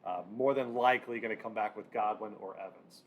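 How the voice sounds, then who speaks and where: A man hosting a casual sports picks breakdown, talking in halting bursts with lots of fillers and restarts. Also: on the low side, fairly even intonation, lo-fi sound, slight background noise. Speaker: sports betting channel host.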